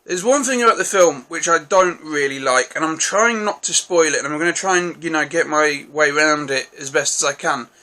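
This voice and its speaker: A man's voice: a little high, fairly quick, hardly any pauses, sharp tone. A man hosting his own channel, giving a casual, rambling film review with many restarts and mild, self-deprecating remarks.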